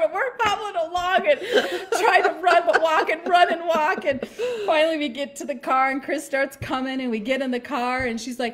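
High-voiced woman telling a lively story. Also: brisk, hardly any pauses. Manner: animated, laughing, acting out voices. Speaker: storyteller on a live stream. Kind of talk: casual storytelling.

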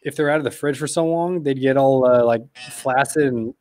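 A man's voice: medium pitch, moderate pace, darkish tone, no echo. A man who works as a teacher, telling stories in a casual chat and defending himself against teasing.

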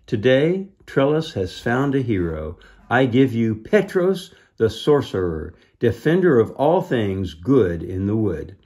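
A man's voice: medium pitch, sing-song, unhurried, a little mellow. A man voicing a loyal, encouraging boy in a children's storybook. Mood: earnest.

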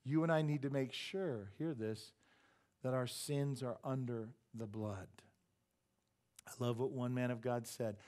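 A man preaching a sermon in church. He gets loud and then drops to a hush, acts out quoted voices and jokes with the congregation. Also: medium pitch. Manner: animated, swings from loud exclamations to hushed asides. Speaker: pastor. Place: church sanctuary.

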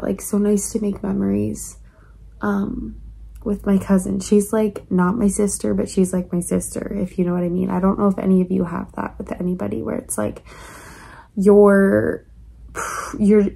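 Wistful young woman with a husky fry. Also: medium pitch. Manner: soft, wistful, rambling with many "like" fillers. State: sad and close to tears. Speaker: vlogger. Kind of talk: casual confessional vlog. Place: resort, quiet indoors.

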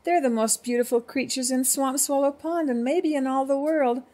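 A man's voice: high-pitched, normal speed, darkish tone. A grandma doing a whiny little cricket boy. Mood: despairing. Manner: whiny, pleading. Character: small, sad, envious young male cricket.

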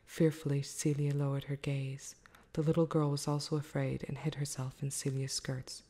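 Brief: soft-spoken ASMR reader, woman, low and mellow, hushed delivery. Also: flat delivery. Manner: slow, hushed, drifting into whisper. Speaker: ASMR storyteller.

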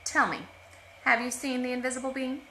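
A woman reading a storybook aloud, voicing a calm, wise young woman who questions firmly and commandingly. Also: high voice, a little fast, slight background noise, voice pushed up. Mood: stern. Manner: calm, then commanding and firm. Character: stern, wise young woman guarding her brother. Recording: roomy echo.

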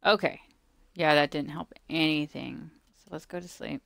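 This woman makes gameplay videos, talking casually to the creatures on screen, playfully scolding them and sometimes sinking to a murmur. Her low, creaky voice is a bit bright with fairly even intonation and a moderate pace, recorded dry and clean in a studio.

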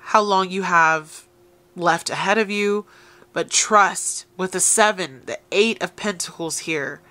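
A woman reads tarot cards aloud to her viewers, urging them on. Her voice is low-pitched for a woman but bright and forceful in tone, and she talks directly and encouragingly. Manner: encouraging, addresses listeners directly. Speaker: tarot reader. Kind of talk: tarot reading addressed to viewers.

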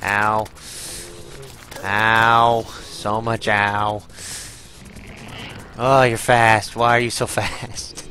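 A man's voice: lowish voice, little pitch movement, extremely slow, pauses often, pushed and bright, low-quality recording. Man swearing through gameplay commentary. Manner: exclaims, groans and swears while fighting a boss. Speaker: gaming channel host.

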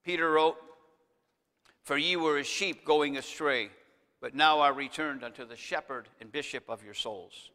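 Male pastor, sermon delivery, bright forceful tone, slightly higher pitch, long church reverb. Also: measured pace. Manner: preaching with rising emphasis, addressing the congregation directly. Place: church sanctuary.

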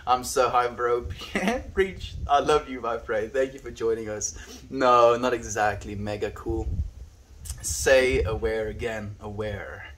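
A man's voice: mid-range voice, little pitch movement, a little slow, a bit bright, a little hiss or hum. A man from South Africa with an Afrikaans first language, streaming outdoors and reading live chat aloud in a laid-back way, calling everyone his friend. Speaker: livestreamer. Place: outdoors on a windy day.

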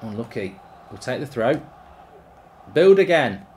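Excitable man shouting at a football game. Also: medium pitch, unhurried. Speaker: gaming streamer. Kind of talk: live football game commentary.

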